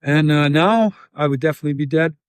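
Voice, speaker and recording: A Canadian man telling a story in an interview, acting out scenes with sound effects and halting restarts. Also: on the high side, clean tone, no room sound, studio quality, soft background music. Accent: Canadian English. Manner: animated, acts out scenes with sound effects and quoted voices. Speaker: interview guest, volunteer.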